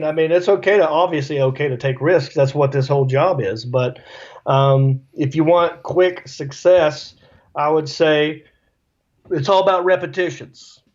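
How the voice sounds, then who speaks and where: A middle-aged man, a comedian, telling stories on a video call in a relaxed, joking way. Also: a little high. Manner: laid-back, jokey storytelling with put-on voices. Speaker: guest comedian. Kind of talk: casual video-call interview. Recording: dull lo-fi call audio.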